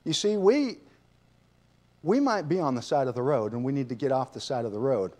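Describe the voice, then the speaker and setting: A man's voice: medium pitch, animated, fairly quick, warm tone. A man teaching a sermon lesson in a conversational way, asking his listeners rhetorical questions. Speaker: preacher.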